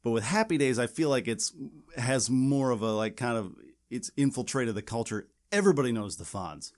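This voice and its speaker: A man's voice: mid-range voice, lively intonation, normal speed, a little mellow. A man co-hosting a podcast, chatting casually and rambling with many restarts and fillers. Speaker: podcast co-host. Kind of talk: casual chat.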